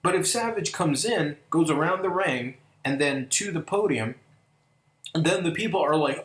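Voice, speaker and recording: A man's voice: on the high side, lively intonation, normal speed, fairly bright tone. A man reviewing an old wrestling event, talking casually and enthusiastically, with many fillers and restarts. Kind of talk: casual video review commentary. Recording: echoey room.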